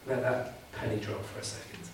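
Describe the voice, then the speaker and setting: A man's voice: fairly quick, noisy background. A man preaching a sermon, earnest and emphatic, driving home key phrases by repeating them. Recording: very echoey room, mic at a distance.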